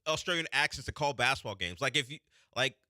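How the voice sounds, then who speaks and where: Very bright, lively co-host, male. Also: mid-range voice, fast, no room sound, studio quality. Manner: skeptical, teasing, corrects his partner. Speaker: sports radio co-host. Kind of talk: casual sports talk banter. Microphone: studio mic.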